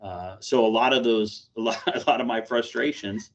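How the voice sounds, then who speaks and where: A man in his forties, a corrections officer, telling a candid personal story in a plainspoken, halting way in a support meeting over a video call. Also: mid-range voice. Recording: dull lo-fi video call audio.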